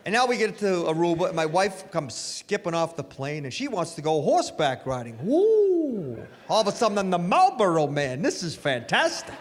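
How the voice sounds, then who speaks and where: A man doing stand-up comedy on stage, animated and acting out voices. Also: fairly high pitch, brisk, few pauses, slight background noise. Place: stage in a hall. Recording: live stage hall reverb.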